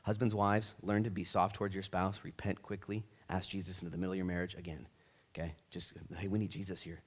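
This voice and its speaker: A man preaching a sermon with casual slang, swinging between loud bursts and hushed, earnest stretches. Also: low voice, flat delivery, fast. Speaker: pastor.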